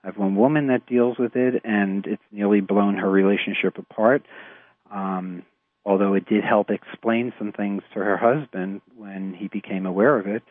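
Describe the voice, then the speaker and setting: A man with a New York accent, a therapist explaining his clients' struggles in a measured, halting way with many fillers. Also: lowish voice, steady tone, no room sound. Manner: measured, hesitant with frequent fillers. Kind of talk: explanatory radio talk. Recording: tinny phone-like radio audio.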